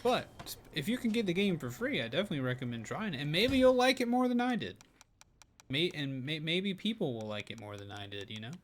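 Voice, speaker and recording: A man's voice: a little high, very animated, fairly quick, a little hiss or hum. A man streaming live as he plays a game, chatting casually in a rambling, musing way, with hedges and bits of dry sarcasm. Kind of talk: casual chat while playing a game. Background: game music.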